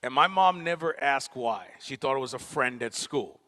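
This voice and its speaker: Brief: a male keynote speaker, bright tone, joking and playful, recorded in a reverberant auditorium. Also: mid-range voice, lively intonation, moderate pace. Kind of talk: storytelling conference talk. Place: university auditorium.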